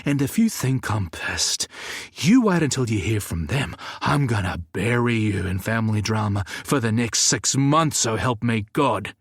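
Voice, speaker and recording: Stern fed-up cop guy, a man putting him on, gruff and scolding, lots of swing in the voice, dry sound. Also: on the low side, big pitch swings, unhurried, no room sound, full character voice. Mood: exasperated. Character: stern exasperated male cop, brother-in-law.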